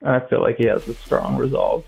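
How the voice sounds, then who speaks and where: A man from central Pennsylvania calling in to a political debate, talking in a halting, hesitant way with many fillers. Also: mid-range voice, wildly swooping pitch, creaky, a little mellow, breathy edge. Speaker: caller. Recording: tinny phone-like line.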